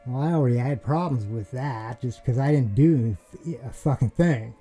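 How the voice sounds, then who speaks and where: A man's voice: medium pitch, normal speed, warm tone, soft background music, rough recording. A man talking straight to the camera, telling a long story about a neighbor in a rambling, aggrieved way, with restarts and swearing. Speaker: vlogger. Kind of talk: casual storytelling monologue.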